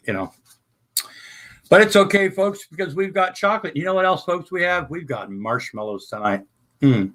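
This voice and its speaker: A man chats to his livestream audience from his home, his voice bright and cutting. He rambles from thought to thought, addresses everyone as folks, and drops curse words without a second thought. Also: mid-range voice, big pitch swings, normal speed. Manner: rambling, loud bursts, swears casually, addresses "folks". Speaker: livestream host. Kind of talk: rambling livestream chat to viewers. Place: indoors at home.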